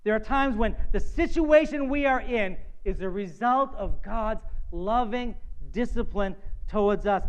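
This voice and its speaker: A man's voice: very high-pitched, clear, resonant tone, poor audio. A man preaching a sermon as pastor, earnest and direct, sometimes acting out the voices of the people and of God.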